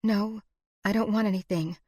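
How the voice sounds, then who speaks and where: A woman voicing a young frontier bride in an audiobook, pleading and then turning sharp. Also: mid-range voice, fairly even intonation, normal speed, no room sound, clean studio sound, lightly acted. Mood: fearful. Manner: pleading, breaking into anger. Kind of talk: audiobook character voice.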